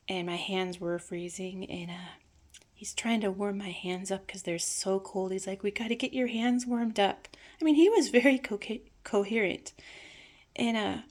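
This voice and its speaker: A woman telling a personal family memory in a reflective, hesitant way, sometimes dropping to a soft near-whisper. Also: medium pitch. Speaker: storyteller.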